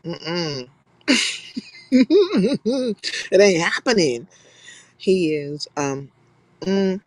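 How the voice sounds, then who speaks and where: Brief: young woman from California, live-stream host, blunt and profane, slightly low voice, dry close sound. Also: sing-song, extremely slow, darkish tone, no echo. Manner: blunt and profane, laughing often. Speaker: livestream host. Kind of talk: casual live-stream chat.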